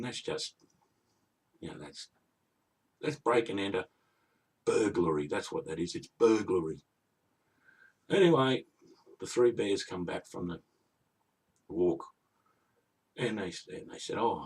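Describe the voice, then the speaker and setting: A man's voice: low voice, husky, far from the mic. A man retelling a fairy tale for laughs, with indignant, rambling asides. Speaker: comic storyteller.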